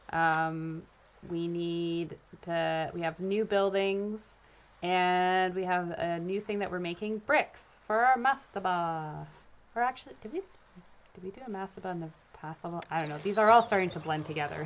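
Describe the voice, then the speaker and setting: A young woman from the UK streaming a game and chatting casually with viewers, thinking aloud with many fillers. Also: lowish voice. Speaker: streaming host and archaeologist. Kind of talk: casual live-stream commentary.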